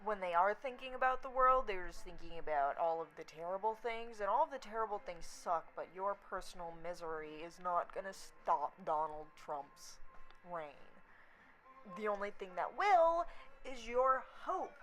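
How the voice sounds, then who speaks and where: A woman's voice: mid-range voice, moderate pace, poor audio. Young woman ranting bluntly. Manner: blunt, profane, animated storytelling. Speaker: vlogger. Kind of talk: casual rant to camera.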